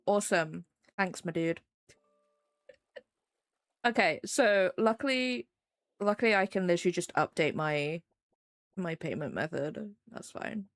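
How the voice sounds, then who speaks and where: A woman streamer in relaxed, casual chat, talking straight to her viewers. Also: mid-range voice, no room sound, studio quality. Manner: relaxed, chatty, addresses viewers directly.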